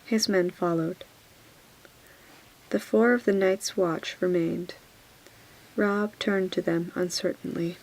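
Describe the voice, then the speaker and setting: A woman reading a fantasy novel aloud in a soft whispered role-play, hushed and gentle. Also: on the low side, steady tone, takes it slowly, long pauses, poor audio. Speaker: audiobook reader.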